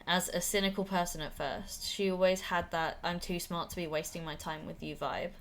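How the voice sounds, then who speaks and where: A woman's voice: lowish voice, steady tone, moderate pace, a little hiss or hum, close to an everyday voice. A woman voicing a middle-aged male editor giving a formal, earnest eulogy, in a game played aloud.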